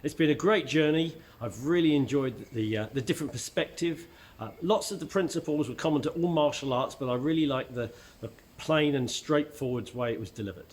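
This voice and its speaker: Croaky-voiced man with a Cockney accent. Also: mid-range voice, brisk. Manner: chatty, with frequent fillers and restarts. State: croaky voice from illness. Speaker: aikido instructor and channel host. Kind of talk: casual talk to camera.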